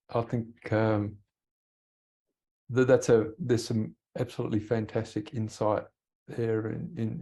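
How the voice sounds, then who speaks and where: A man hosting a running podcast, speaking in a measured, hesitant way as he sums up the guest's points. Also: fairly low pitch, dark tone. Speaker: podcast host. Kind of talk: interview host wrap-up.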